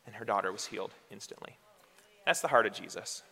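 A man's voice: fairly low pitch, brisk, vocal fry, pushed and bright, husky. A male pastor preaching a sermon in a conversational way, asking rhetorical questions as he goes. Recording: long hall reverb.

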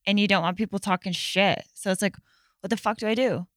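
A woman's voice: medium pitch, fairly even intonation, dry recording. A woman talking frankly and profanely in a casual conversation. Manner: frank, profane, quick commentary.

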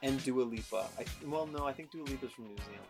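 A young man hosts a casual podcast chat with a playful, jokey manner and bits of mock-grand showmanship. His voice sits at an ordinary pitch for a man. Music plays clearly behind him. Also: fast. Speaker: podcast host.

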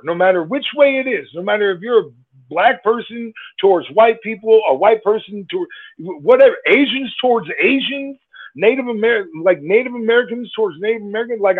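A man with a husky voice in a casual podcast chat, talking heatedly and swearing. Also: high voice. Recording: tinny phone-like line.

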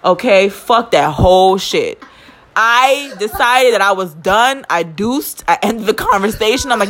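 A young woman, telling a story in casual chat as a podcast co-host, profane and quick to indignation. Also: medium pitch, lively intonation, fairly bright tone.

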